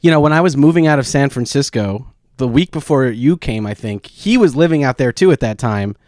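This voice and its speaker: A man in his thirties co-hosting a podcast, telling rambling stories in casual chat, full of restarts and fillers, and sometimes shouting out quotes. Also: mid-range voice, animated, brisk, no echo, clean studio sound. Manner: rambling, many restarts and "like"s, acts out quotes loudly. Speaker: podcast co-host.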